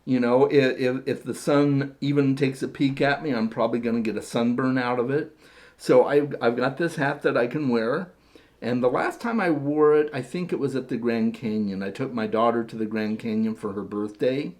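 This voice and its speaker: A man talks casually to his camera with a middle-pitched voice. His speech is chatty and rambling, full of repeated words and self-deprecating asides. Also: moderate pace, a little mellow. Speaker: vlogger showing his hat collection.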